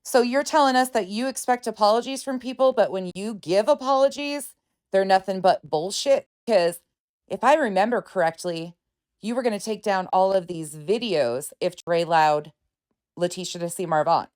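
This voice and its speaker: A woman's voice: medium pitch, normal speed, a little mellow. A woman hosting a reaction commentary, exasperated and sarcastic as she picks apart claims. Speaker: commentary channel host.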